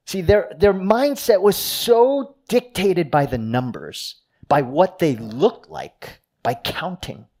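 A middle-aged man preaching a sermon to a congregation, rising high for quoted boasts and sinking low and quiet for solemn lines. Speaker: pastor.

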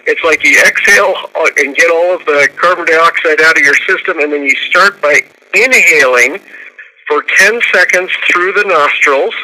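A man co-hosting a radio talk show, explaining a breathing routine step by step and counting out loud. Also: on the high side, normal speed, poor audio.

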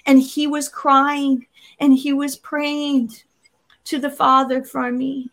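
A woman's voice: sits high, little pitch movement, takes it slowly, fairly bright tone. An adult woman sharing a personal faith testimony in an interview, earnest and vivid, acting out her own past words as she goes. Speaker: interview guest.

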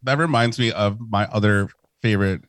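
A man chatting casually on a podcast, excitable and swearing freely as he talks about movies. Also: lowish voice, normal speed, dry recording. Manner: excitable, swears freely, laughs through his talk. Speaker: podcast co-host.

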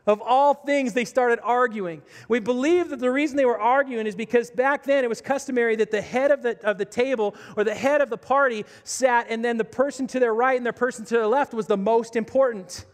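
High-voiced preacher in a reverberant hall. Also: male voice, steady tone, fairly quick, hardly any pauses. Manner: storytelling, vivid, addresses the audience directly. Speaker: pastor. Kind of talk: sermon. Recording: long reverb of a large hall.

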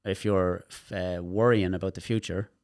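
This is an Irish man with a very low voice, talking as a therapist guest in a casual interview. He explains with energy and demonstrations, often repeating a word as he goes. The sound is dry and close. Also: moderate pace, dry recording. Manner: animated, demonstrative, repeats words while explaining.

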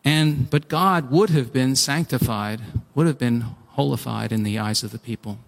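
Man, preacher, sermon, animated, restarts often, long reverb. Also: medium pitch, moderate pace, creaky. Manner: animated, acts out pleading voices, restarts often.

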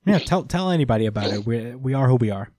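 A man's voice: medium pitch, animated, quick pace, darkish tone, no room sound, studio quality. A man co-hosting a podcast, recapping a story in casual chat, laughing often and swearing freely. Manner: laughing, profane, acts out quotes. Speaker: podcast co-host.

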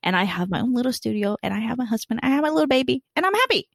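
A woman's voice: on the high side, big pitch swings, very fast, gravelly, no echo, clean studio sound. A woman hosting a podcast in casual chat, candid and emphatic. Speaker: podcast host. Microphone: studio mic.

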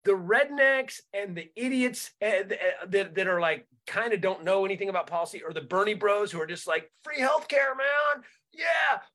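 A man with a noticeably high voice rants through a casual political discussion on a comedy podcast. He swears freely and trips over repeated words as he searches for the right term. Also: fairly quick, few pauses, fairly bright tone. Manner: profane, repeats words while searching for them, restarts often.

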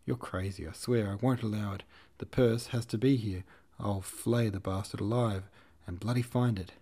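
A man voicing a hot-tempered male hussar officer who lisps, blusters and curses as he shouts. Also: fairly low pitch, steady tone, moderate pace, close to an everyday voice. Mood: furious. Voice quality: lisping.

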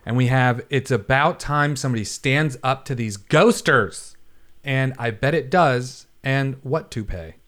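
A man's voice: medium pitch, unhurried, fairly bright tone. A young man co-hosting a casual chat show, reading odd news headlines with joking, profane asides. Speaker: podcast co-host.

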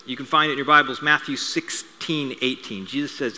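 A man's voice: medium pitch, steady tone, a little fast, few pauses, bright, forceful tone. A man preaching a sermon as pastor, telling stories in a conversational way with joking asides. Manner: conversational storytelling with asides and humor. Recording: reverberant hall sound.

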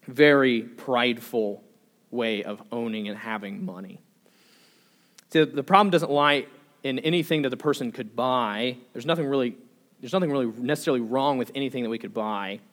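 A man's voice: medium pitch, fairly bright tone. Earnest young man preaching a sermon. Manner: earnest preaching with repeated rhetorical questions and frequent restarts. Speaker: pastor.

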